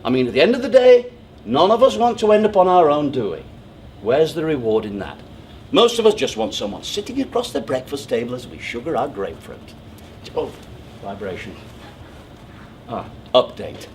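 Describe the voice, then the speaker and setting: A man's voice: mid-range voice, sing-song, normal speed, a little mellow, a little hiss or hum, close to an everyday voice. An actor playing a pompous, controlling man in a theatrical monologue, smug, condescending and over-precise in how he talks. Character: pompous, controlling, self-assured man proposing. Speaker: stage actor. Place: theatre stage.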